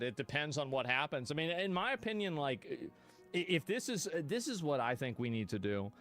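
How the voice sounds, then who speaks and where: A man streaming live, reacting bluntly to clips with profanity and sudden loud outbursts. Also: mid-range voice.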